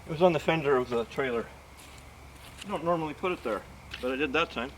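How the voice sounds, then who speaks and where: A man's voice: on the high side, quick pace, noisy background. A man hosting a casual outdoor video, chatting to viewers in a folksy way as he works. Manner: chatty, folksy, talks to viewers while working. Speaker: video host. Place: outdoors at a log-milling site.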